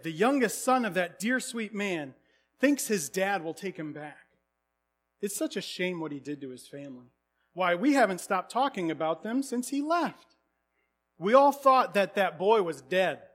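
A man's voice: high voice, expressive, unhurried, fairly bright tone, pitched above the performer's own voice, full character voice. A man putting on a snide small-town gossip. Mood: scandalized. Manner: snide, scandalized chatter.

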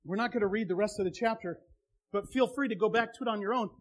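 A man's voice: high-pitched, fast. A man preaching a sermon as a pastor, conversational and impassioned by turns.

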